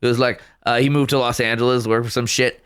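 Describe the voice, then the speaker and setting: A man's voice: mid-range voice, flat delivery, fast, a bit bright, clear, resonant tone. A man co-hosting a podcast in a small studio, joking around in casual chat and slipping into silly put-on voices. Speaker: podcast co-host. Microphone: studio mic with headphones.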